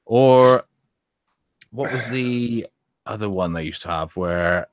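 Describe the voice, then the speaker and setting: A man's voice: fairly low pitch, slow, no echo, studio quality. A man hosting a casual podcast chat, teasing and sardonic, swearing freely. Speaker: host.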